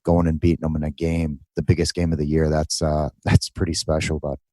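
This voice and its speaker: Deep-voiced joking male co-host. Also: flat delivery, a little fast, mellow, dry recording. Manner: joking, opinionated, laughs easily. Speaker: podcast co-host. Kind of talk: casual chat.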